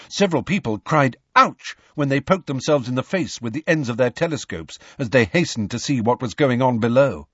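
A man narrating an audiobook in an expressive storytelling manner. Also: mid-range voice, breathy edge, no room sound, lo-fi sound. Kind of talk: scripted narration.

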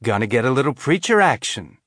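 A man's voice: medium pitch, sing-song, brisk, fairly bright tone, no room sound, studio quality. A man voicing an angry, mocking young female Marine in an audiobook. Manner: sullen, mocking.

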